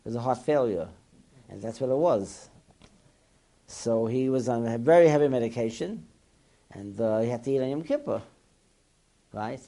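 A man teaching a Torah class, animated and asking his listeners questions, mixing Hebrew and Yiddish terms into English. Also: mid-range voice, moderate pace, long pauses.

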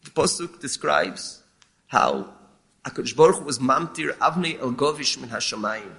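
A man teaching as a rabbi, explaining a lament text in a measured, halting way and often repeating words. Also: medium pitch, lively intonation, gravelly, a bit bright. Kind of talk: explaining a lament text, mixing Hebrew terms.

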